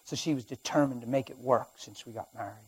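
A middle-aged man preaching a sermon as a personal testimony, swinging between hushed and loud as he tells the story. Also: mid-range voice, fast talker, breathy edge.

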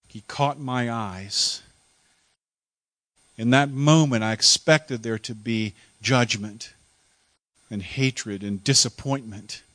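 A male preacher delivers a sermon as a first-person dramatic monologue, telling a story in an emotional, halting way and repeating words when moved. His voice is mid-range and fairly bright, with no room sound.

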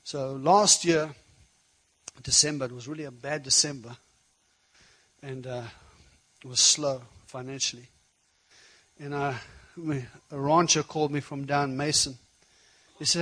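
A man preaching a sermon, telling a personal story in a conversational, animated way. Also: a little high, normal speed, long pauses, poor audio.

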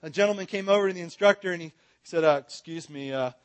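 A man's voice: high voice, fast. A man teaching a Bible seminar in a church, joking with and directing his audience.

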